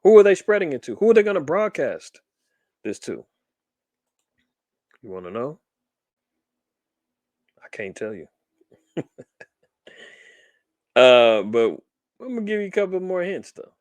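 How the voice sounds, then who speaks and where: A man's voice: a little high, measured pace, long pauses, no room sound. A man hosting a commentary show, reading articles aloud and riffing on them with rhetorical questions. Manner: animated, rhetorical questions, reads then riffs. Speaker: podcast host reading and commenting on news.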